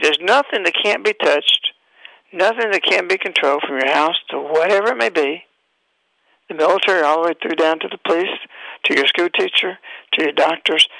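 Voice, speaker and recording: A man's voice: on the high side, vocal fry, bright, forceful tone, dry recording, low-quality recording. A man hosting a radio talk show, delivering an emphatic, preachy monologue full of rhetorical questions.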